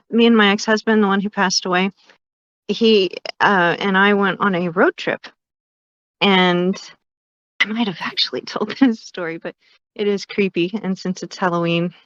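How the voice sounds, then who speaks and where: Slow-talking woman telling a creepy story. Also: medium pitch, fairly bright tone, no echo, lo-fi sound. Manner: slow, chatty storytelling with laughs. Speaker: caller. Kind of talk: storytelling on a call-in show.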